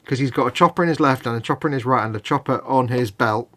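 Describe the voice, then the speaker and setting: A man talks casually on a live hobby stream, explaining things at length. He hedges and restarts as he goes, in a voice of ordinary pitch. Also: fast talker, sharp tone. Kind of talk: casual chat.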